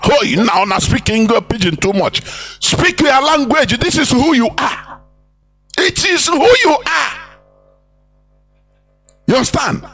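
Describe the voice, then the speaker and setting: His voice is very high-pitched, animated, bright, and forceful, yet unhurried and broken by long pauses. A Nigerian-accented man on a live broadcast, he preaches passionately, repeating lines and switching into pidgin and Igbo.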